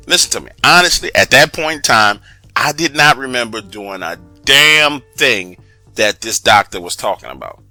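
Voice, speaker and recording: A man with a bright, forceful voice tells a comic story, his pitch leaping up and down as he gets worked up. He swears freely and keeps calling out to his listeners. Faint music sits under a close, dry recording. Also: moderate pace, no room sound. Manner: animated, profane, emphatic, addresses listeners directly. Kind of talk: comedic first-person storytelling.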